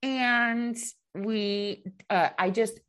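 A middle-aged woman in casual chat, telling a family story with animated quoted voices. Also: a little high, drawn-out words, clean tone.

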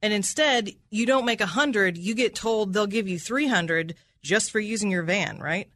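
A woman's voice: mid-range voice, normal speed, a bit bright, slight background noise. A woman prosecutor cross-examining a witness in an aggressive, accusatory manner, repeating his answers back and ending with "right?".

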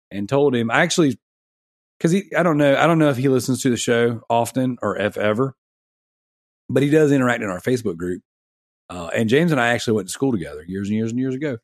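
A man's voice: mid-range voice, a little mellow, dry recording, studio quality. A man in his thirties hosting a casual gaming podcast, chatty and rambling, laughing often. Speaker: podcast host.

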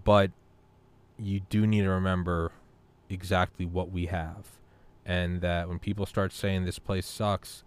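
A man in his thirties hosting a podcast, telling stories in an animated, casual way, swearing freely and repeating words. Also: sits low, a little slow, smooth. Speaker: podcast host. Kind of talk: casual storytelling chat.

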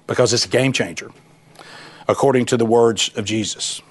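A man's voice: mid-range voice, moderate pace, breathy edge. Guy leading a bible study, folksy and chatty, jumps into little voices for the bible characters. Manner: folksy, animated, acts out voices of Bible figures. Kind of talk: conversational Bible teaching.

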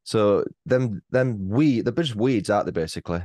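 A man's voice: fairly low pitch, lively intonation, normal speed, darkish tone, no echo, clean studio sound. A British man in his thirties, a podcast guest, bantering crudely and teasing in casual chat. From England. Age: 30s.

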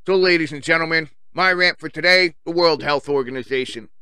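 A man with a high, bright and smooth voice rants angrily, swearing often and breaking into loud outbursts. He sounds like a solo show host speaking in a dry, close room. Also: brisk, no echo. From Africa. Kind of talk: profane rant.

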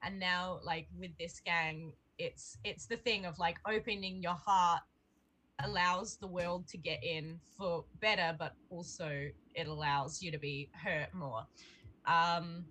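A woman's voice: lowish voice, steady tone, bright, forceful tone, low-quality recording. A woman guest chatting casually, giggly and filling her talk with "like". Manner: slow, giggly, heavy use of "like". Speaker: guest, tabletop player. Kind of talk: casual chat.

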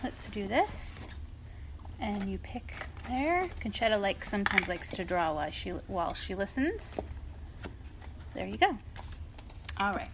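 A woman hosting a children's story podcast, reading a rhyming picture book aloud to a child at home and pausing to point out the pictures. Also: mid-range voice, background noise. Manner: animated, stops to explain the pictures. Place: home playroom.

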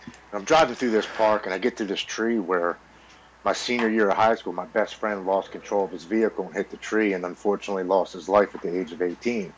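A man's voice: deep voice, fairly even intonation, fairly quick, a little hiss or hum, poor audio. A man in his forties, a podcast guest, earnestly telling his recovery story in a blunt, swearing, casual way.

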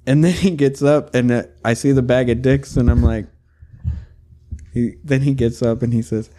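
A man taking part as a comedian in a casual round-table chat, telling stories in an animated way and laughing often. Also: mid-range voice, moderate pace. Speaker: comedian guest.

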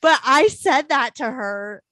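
Animated Southern-raised woman podcaster. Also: sits high, slow, no room sound, studio quality. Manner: animated, swearing, laughing storyteller. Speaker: podcast host. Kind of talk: casual chat.

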